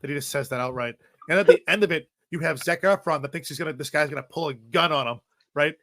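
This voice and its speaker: A man's voice: fairly high pitch, fast talker, a bit bright, no room sound. Rambling guy who keeps saying right. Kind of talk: casual movie review chat.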